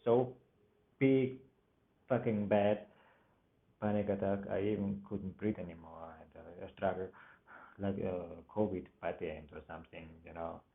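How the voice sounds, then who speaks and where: A man with a grasp of telling a personal story in a halting, emotional way, full of restarts and broken grammar. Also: sits low, fairly even intonation. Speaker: vlogger. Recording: tinny phone-like audio.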